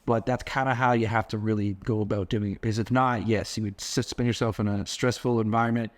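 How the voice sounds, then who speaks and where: Fast-talking man telling stories on a podcast. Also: on the low side. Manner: storytelling, quotes people in animated voices. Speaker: podcast co-host. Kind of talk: casual podcast chat.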